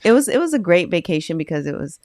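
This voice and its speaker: A woman's voice: lowish voice, fast talker, no echo, clean studio sound. A woman co-hosting a podcast, telling travel stories in casual chat and laughing often. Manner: animated storyteller, laughs often. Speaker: podcast co-host.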